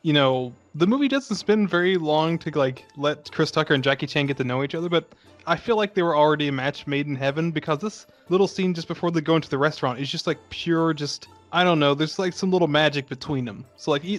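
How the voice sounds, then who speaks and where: A man talking casually as he retells movie scenes, his speech full of "like" fillers. His voice is a little high. Soft music sits faintly in the background. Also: fast talker. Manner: chatty, lots of "like" fillers. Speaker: podcast co-host. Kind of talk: casual movie-recap chat.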